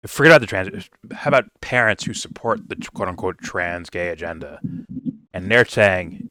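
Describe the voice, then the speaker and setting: A man's voice: low voice, moderate pace, bright, forceful tone, dry recording. A man giving a casual review, talking bluntly and swearing freely. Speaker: film reviewer. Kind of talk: casual commentary rant.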